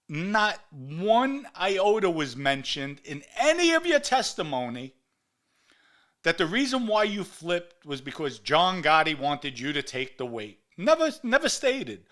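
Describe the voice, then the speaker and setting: Angry middle-aged new guy ranting into the mic, tense bright voice, a bit high. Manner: heated, ranting, repeats insults for emphasis. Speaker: podcast host. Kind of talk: angry monologue to camera.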